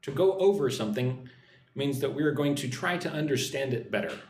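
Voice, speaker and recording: Streaming live from an indoor spot in Vietnam, a man from the US runs an English lesson, repeating phrases for practice, reading out comments from viewers and asking "right?" to check understanding. He has a mid-range, expressive, slightly mellow voice, speaks fairly quickly, and the sound is roomy.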